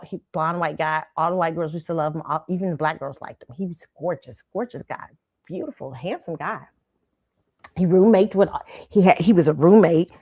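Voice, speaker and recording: A middle-aged woman hosting a show, telling a story casually with laughter and high-pitched acted-out quotes. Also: dry recording. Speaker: show host.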